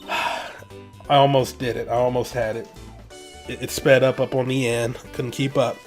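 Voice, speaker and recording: A man's voice: mid-range voice, level tone, a little slow, soft background music. A man giving laid-back, slangy commentary while playing through a game. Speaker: let's play host. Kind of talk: casual gameplay commentary.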